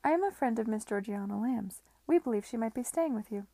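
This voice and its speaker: A woman's voice: on the high side, animated, a little fast, warm tone, dry recording. A woman voicing a spirited, headstrong young lady who speaks boldly. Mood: defiant. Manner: bold and defiant.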